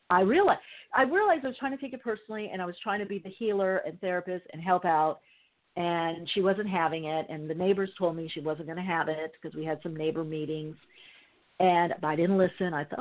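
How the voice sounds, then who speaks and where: A woman's voice: fairly low pitch, a little fast. Woman radio host on a phone-like line. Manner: animated storytelling, acts out quoted voices. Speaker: radio show host, mystic healer. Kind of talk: call-in radio talk. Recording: narrow phone-like sound.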